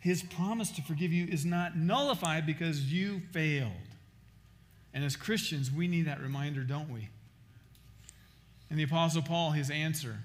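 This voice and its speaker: Emphatic preacher, higher voice. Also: male voice, moderate pace. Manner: emphatic, with frequent restarts and repeated words. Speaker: pastor. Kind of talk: sermon.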